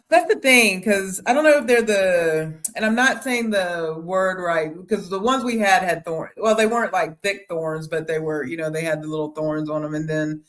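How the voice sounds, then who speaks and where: A woman talks casually as a guest on a live chat. Her speech is halting and rambling, with frequent fillers and restarts as she thinks aloud. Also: on the low side, fairly bright tone. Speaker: guest homesteader. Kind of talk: casual conversation.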